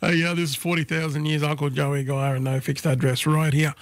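A man hosting a breakfast radio show with a hoarse, croaky voice, chatting casually and rambling with many fillers. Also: on the high side, little pitch movement, brisk, no echo.

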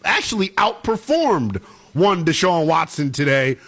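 A man co-hosting a sports talk show, giving animated, opinionated takes in casual chat. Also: a little high, unhurried. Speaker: co-host.

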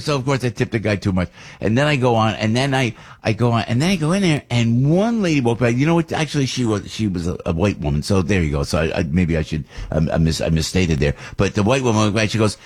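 A man's voice: fairly low pitch, expressive, quick pace, breathy edge. An older man, host of a talk show, telling a rambling story in casual chat with many restarts and asides.

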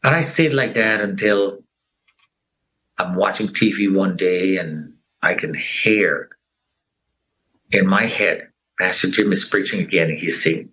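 Middle-aged man, husky voice, fairly low, earnest personal testimony, acts out quotes. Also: a little slow, bright, forceful tone, low-quality recording. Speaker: guest sharing his survival story.

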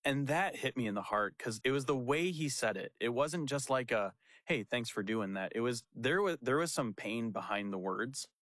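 A young pastor tells a story in a loose, chatty way. He jumps into the other people's lines and laughs as he goes. His voice sits at a middle pitch and sounds dry and close to the mic. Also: normal speed, few pauses, no echo. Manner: animated, laughing storyteller who acts out quotes. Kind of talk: casual storytelling chat.

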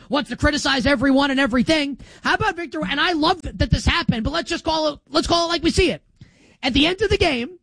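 A man with a slightly bright voice hosts a sports talk show, recorded without room sound. His opinionated monologue is sarcastic and emphatic, with wide swings in pitch.

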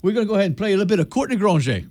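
A man's voice: high-pitched, very animated, very fast, a little mellow, dry recording, clean studio sound. A man hosting a casual radio interview, often repeating words and restarting his sentences. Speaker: radio host. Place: radio studio.

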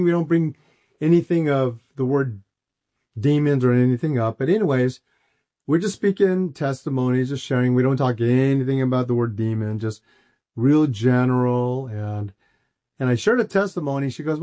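A man preaching a sermon, with a warm and mellow voice pitched a little high. He tells a testimony in a storytelling way and restarts his words as he gets going. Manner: storytelling, repeats words when excited.

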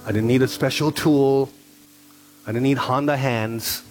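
A middle-aged man preaching as a pastor, telling stories in an animated way and repeating lines for emphasis. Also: medium pitch, measured pace, slight background noise. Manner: animated, repetitive storytelling with rising emphasis. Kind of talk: sermon.

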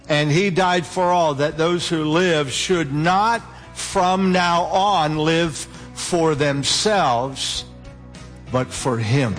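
Slow, deliberate male preacher. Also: mid-range voice, fairly bright tone. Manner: deliberate, emphatic preaching, slowing down on scripture quotes. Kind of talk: sermon.

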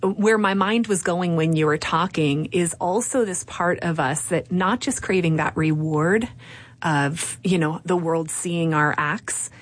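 Thoughtful woman interviewer, low voice. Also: a little slow. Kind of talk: conversational interview.

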